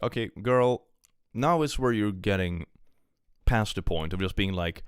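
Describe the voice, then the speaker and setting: A man's voice: on the low side, lively intonation, unhurried, clear, resonant tone, dry recording, clean studio sound. A young man reading online posts aloud on a live stream and ranting about them, swearing freely. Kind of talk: casual live-stream commentary.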